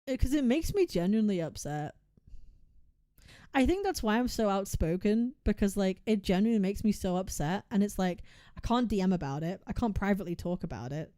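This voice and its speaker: A woman's voice: medium pitch, lively intonation, a little fast, warm tone. A woman game streamer venting to her chat in a casual livestream rant, frustrated and heavily profane, often repeating and restarting her words. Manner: talks straight to chat, venting about friends.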